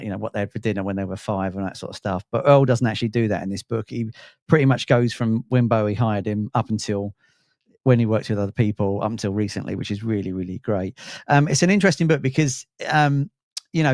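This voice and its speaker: Brief: male co-host, talks fast, loose and chatty, with fillers. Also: mid-range voice, a little mellow, dry recording, studio quality. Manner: chatty, rambling with fillers and restarts. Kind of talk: casual chat.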